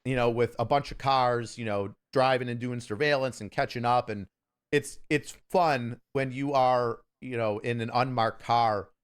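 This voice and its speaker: A man in casual conversation telling a story with animated delivery. He drops into quick voices for the people he quotes, then goes back to his plain, mid-pitched storytelling voice. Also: clean tone. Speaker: guest storyteller.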